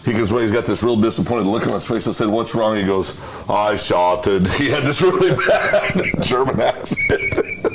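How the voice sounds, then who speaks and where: A man's voice: medium pitch, normal speed, background noise. A man co-hosting a podcast in casual chat, telling stories with lots of laughter. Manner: laughing, animated storytelling. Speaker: podcast co-host.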